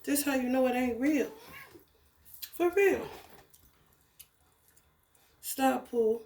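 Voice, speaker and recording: A woman speaking, ranting in a casual spiritual vlog. Her voice sits a little high and comes back off the walls of an echoey room, and she talks profanely with sudden bursts of animation. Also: drawn-out words, slight background noise. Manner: profane, animated, laughing outbursts. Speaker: spiritual tarot reader.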